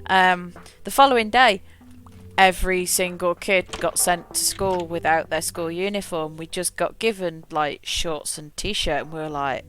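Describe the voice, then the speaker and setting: A young woman streaming a game, telling a long school memory in a rambling, animated way with frequent laughs and self-corrections. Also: lowish voice, measured pace, faint music behind. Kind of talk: casual storytelling while gaming.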